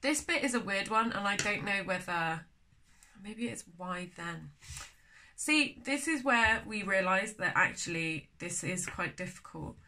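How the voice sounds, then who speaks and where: A woman's voice: mid-range voice, expressive, sharp tone, slight background noise. Chatty young woman teaching poetry. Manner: chatty, thinks aloud, self-deprecating; slows to sound out syllables. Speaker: poetry tutor. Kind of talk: casual video lesson.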